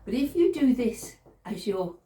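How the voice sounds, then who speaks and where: A woman's voice: on the high side, sing-song, measured pace, dark tone. A woman dog trainer, casually demonstrating training steps, chatty, laughing often and saying "okay" a lot. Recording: roomy sound from a distant camera mic.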